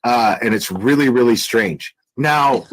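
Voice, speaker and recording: A man's voice: mid-range voice, measured pace, rough recording. Rambling man hosting a commentary stream. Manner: rambling, filler-heavy, blunt and crude. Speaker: commentary channel host. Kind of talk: casual livestream commentary.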